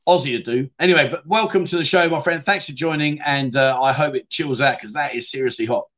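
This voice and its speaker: A middle-aged Yorkshire man hosts a relaxed livestream, reading viewer comments and answering them in a matey way. His voice sits a little high for a man, and his sentences often fade off quietly at the end. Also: fairly quick. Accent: Yorkshire English. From England. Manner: chatty and matey, calls viewers mate and my friend, often trails off softly. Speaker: livestream host.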